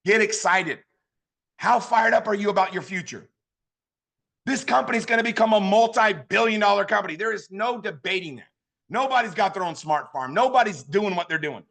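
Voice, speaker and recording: Man, high bright voice, rapid hype pep talk, punchy rallying lines. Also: lively intonation, vocal fry. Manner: fired-up, shouting, punchy repeated rallying phrases. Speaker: motivational speaker for a sales team.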